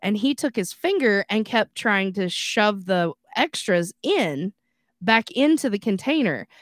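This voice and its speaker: A woman co-hosting a podcast, telling a childhood story in an animated way, often laughing. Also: mid-range voice, a little slow, no echo, clean studio sound. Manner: animated, laughing, full of fillers. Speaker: podcast co-host. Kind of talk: casual storytelling.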